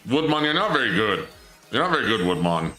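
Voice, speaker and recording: A man streaming a video game, chatting casually with his audience, goofy and joking, his voice jumping up when he gets excited. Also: lowish voice, fairly quick. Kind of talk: casual let's-play commentary. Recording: echoey room with game music underneath.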